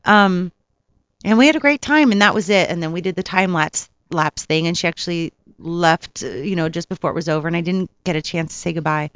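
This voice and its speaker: A woman, an actress, telling stories from set in a casual interview, animated and laughing often. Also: fairly low pitch, a little fast, clean tone, no echo, muffled recording. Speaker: actress, guest. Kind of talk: casual storytelling.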